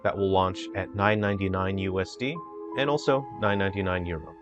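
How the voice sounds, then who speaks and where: Low-voiced, earnest male game developer. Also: steady tone, highs cut off, over music. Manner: earnest, unhurried, plain-spoken. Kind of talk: casual video update.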